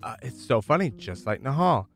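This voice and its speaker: Speaking over faint music, this man from Michigan, USA shares how he founded his business as an entrepreneur guest, candid and conversational, with plenty of "like." His mid-range voice swings widely in pitch at a normal speed.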